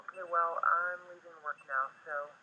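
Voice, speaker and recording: A woman playing an ordinary caller who leaves an unhurried, matter-of-fact phone message. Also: lowish voice, fairly even intonation, sharp tone. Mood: casual. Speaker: caller on an answering machine. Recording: muffled answering-machine tape from a game.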